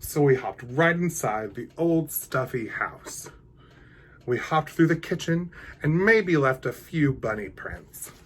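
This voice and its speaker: Man reading a kids' storybook, super lively pitch, kinda husky. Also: slow pace. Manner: animated, with hushed asides to the kids. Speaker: drag queen storyteller. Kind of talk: reading a picture book to children.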